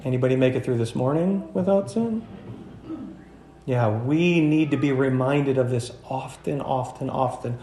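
A man's voice: mid-range voice, moderate pace, warm tone, reverberant. A man preaching a sermon as pastor, emphatic and asking the congregation questions. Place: church sanctuary.

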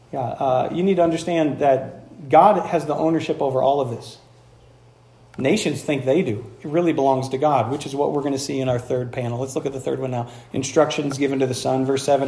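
A man in his thirties preaches in a high, bright voice, talking to the congregation in a casual, lively way. He slips into acted-out voices to make his points. The sound has the roomy echo of a church hall. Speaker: pastor. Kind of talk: sermon.

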